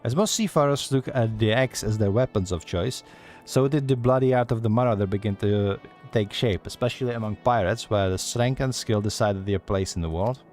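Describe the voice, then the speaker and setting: A man's voice: fairly low pitch, brisk, hardly any pauses, a little mellow, soft background music, natural voice. A man voicing a teasing female guild receptionist from a game, in a put-on Scottish accent, reading her dialogue aloud in a folksy, storytelling way. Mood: yarn-spinning.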